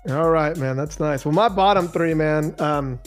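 A man co-hosting a podcast in casual chat, animated and quick to laugh. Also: fairly high pitch, soft background music. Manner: laughs easily, animated storytelling. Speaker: podcast co-host.

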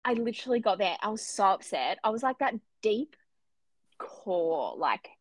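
Lively, animated woman podcaster, swearing freely. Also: medium pitch, normal speed, no echo. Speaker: podcast co-host. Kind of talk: casual book chat.

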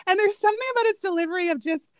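A woman chatting casually about a favorite movie, animated and laughing often as she quotes lines. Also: very high-pitched, racing, dry recording.

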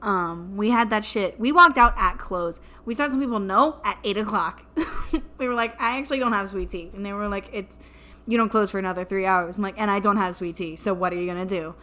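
A woman's voice: mid-range voice, brisk, bright, forceful tone. Wry, joking young woman co-host. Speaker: podcast co-host. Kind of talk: casual chat. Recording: faint background noise.

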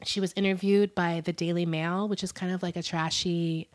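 A woman's voice: fairly low pitch, little pitch movement, moderate pace. A woman co-hosting a podcast, telling a story in casual chat, giggly and full of "um" and "like". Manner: giggly, breaks off with laughs and apologies; chatty, many fillers like "um" and "like". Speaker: podcast co-host.

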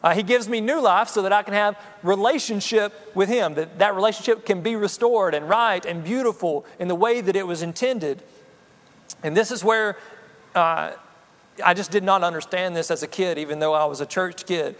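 Earnest high-voiced man preaching in a hall. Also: moderate pace, fairly bright tone. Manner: earnest, personal, addresses the congregation with frequent "okay?". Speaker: pastor. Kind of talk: sermon.

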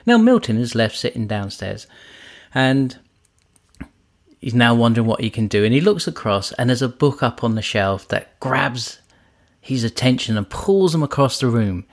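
A man teaching through stories as a trainer, relaxed and speaking straight to the listener. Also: mid-range voice, moderate pace. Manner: relaxed storyteller, addresses the listener. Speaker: trainer, podcast host. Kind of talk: storytelling lesson.

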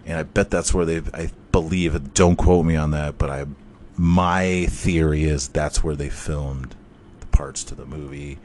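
Deep-voiced profane man telling a story. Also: a little slow, a little hiss or hum. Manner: profane, excitable, rambling. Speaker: podcast host. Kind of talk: casual storytelling monologue.

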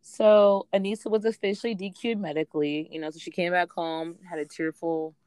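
Chatty low-voiced woman. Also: fairly even intonation, brisk, a little mellow, clear, resonant tone, no echo. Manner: chatty, opinionated, acts out quotes of others. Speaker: podcast co-host. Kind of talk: casual chat recapping a reality show.

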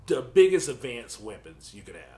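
A man's voice: mid-range voice, sing-song, normal speed, dark tone. Rambling man on a casual podcast. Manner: rambling, restarts and laughs often. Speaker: podcast co-host.

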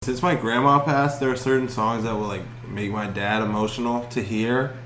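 A man's voice: mid-range voice, steady tone, normal speed. Laid-back young man in an echoey room. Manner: laid-back, joking banter with frequent restarts. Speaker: podcast co-host. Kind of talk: casual chat. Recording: roomy echo with faint background ambience.

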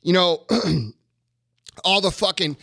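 A man's voice: high voice, lively intonation, slow pace, gravelly, pushed and bright, no room sound, studio quality. A man in his thirties hosting a podcast, ranting in a casual, profane and frustrated way. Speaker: podcast host.

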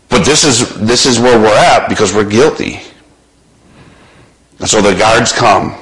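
Slow, dramatic male preacher. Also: fairly low pitch, fairly bright tone, poor audio. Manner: slow and dramatic, retells scripture in the listener's place. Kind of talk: sermon.

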